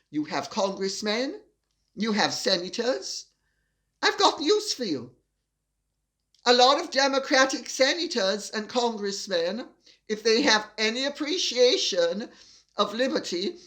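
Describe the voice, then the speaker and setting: An older woman delivering an indignant opinion monologue as a commentator, with emphatic, deliberate stresses. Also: mid-range voice, a bit bright.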